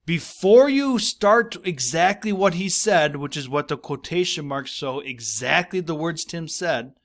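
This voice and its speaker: A male teacher with a slightly high, expressive voice gives a recorded grammar lesson at a measured pace, explaining patiently, repeating his points and reading example sentences aloud.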